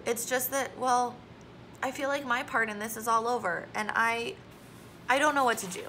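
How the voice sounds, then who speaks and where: A woman voicing a blunt, bossy young girl in a storybook reading, speaking emphatically and a little louder. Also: on the high side, moderate pace, a little hiss or hum, low-quality recording. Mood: emphatic. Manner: emphatic and forceful.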